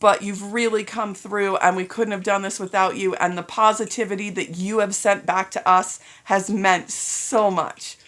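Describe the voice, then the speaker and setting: A woman's voice: medium pitch, steady tone, moderate pace, few pauses. A woman school principal giving end-of-year announcements, upbeat and encouraging, getting a little teary as she talks to students and parents. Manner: upbeat, addresses students as ladies and gentlemen.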